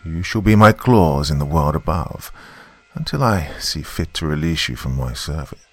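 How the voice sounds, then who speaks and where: A man voicing an ancient giant river serpent, a male, low, distant voice that talks down with imperious contempt. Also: expressive, normal speed. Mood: commanding.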